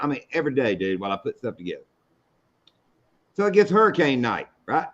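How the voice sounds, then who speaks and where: A man's voice: medium pitch, very animated, quick pace, long pauses, a bit bright, muffled recording. A middle-aged man hosting a live fishing show, telling stories in a folksy, salty way. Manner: folksy, storytelling, salty language. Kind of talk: casual live-stream chat.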